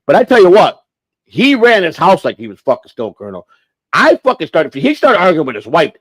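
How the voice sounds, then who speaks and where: A man with a fairly high voice that swings up and down a lot tells a rambling, cuss-filled story on a livestream. He keeps backing up and restarting his sentences. The sound is dry and close, with no room echo. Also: wildly swooping pitch, fairly quick. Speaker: livestream host.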